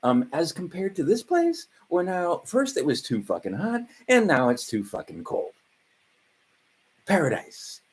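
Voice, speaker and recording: A man's voice: fairly high pitch, huge pitch swings, measured pace, slightly rough, low-quality recording. A man of around 60 from Hawaii, rambling through a profane vlog monologue full of fillers and asides. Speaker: vlogger.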